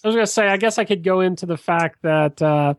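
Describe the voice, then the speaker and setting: A man's voice: high-pitched, quick pace, clean tone, no echo. A man co-hosting a casual podcast chat, making dry, sarcastic points padded with fillers. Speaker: podcast co-host.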